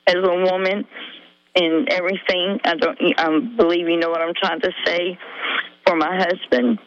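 A middle-aged woman calling in to a radio show, telling her story in a halting, rambling way full of fillers. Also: fairly low pitch. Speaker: caller. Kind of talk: emotional call-in confession. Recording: dull lo-fi radio call.

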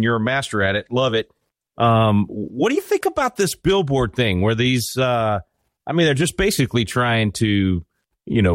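A man's voice: mid-range voice, no room sound, studio quality. A man co-hosting a radio talk show, asking loose, rambling questions. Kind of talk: radio interview.

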